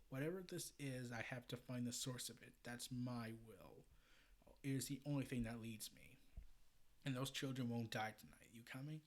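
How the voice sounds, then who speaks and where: A grim, determined team leader, as a man reads him from a comic. The read is flat and resolute, with a middle-pitched male voice. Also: lightly acted. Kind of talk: reading comic dialogue aloud.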